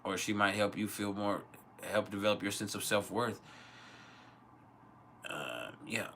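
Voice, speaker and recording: A man's voice: on the low side, unhurried, bright, forceful tone, slight background noise. A man hosting an astrology livestream Q&A from home, talking in loose, profane, rambling rants with laughs. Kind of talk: casual livestream chat and Q&A.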